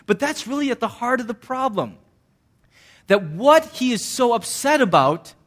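A man with a high voice delivers a sermon as a pastor. He talks in a loose, conversational way and then breaks out into loud, emphatic bursts. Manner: animated, conversational preaching with sudden bursts of emphasis.

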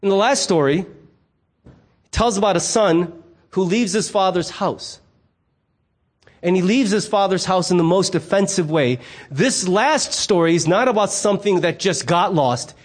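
Pastor, man, middle-aged, fairly high voice; conversational sermon delivery, playful, does the voices of people in his anecdotes. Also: a little slow. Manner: animated storyteller who acts out quoted voices; conversational and humorous.

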